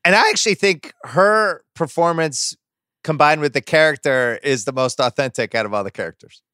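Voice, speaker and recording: Guy podcast host, bright crisp voice, opinionated and riffing, dry close mic. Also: on the high side, normal speed, no room sound. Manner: opinionated, riffing, animated asides. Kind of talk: casual pop-culture chat.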